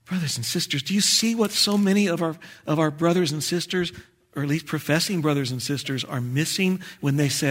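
A man preaching a sermon, swinging between loud exclamations and quiet, intense asides. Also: fairly high pitch, a little fast. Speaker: pastor. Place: church sanctuary.

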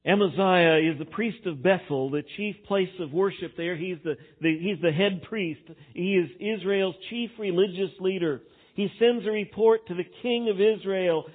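A man preaching a verse-by-verse sermon, emphatic and swinging between loud bursts and quiet asides. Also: sits high. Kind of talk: expository sermon. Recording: tinny phone-like sound.

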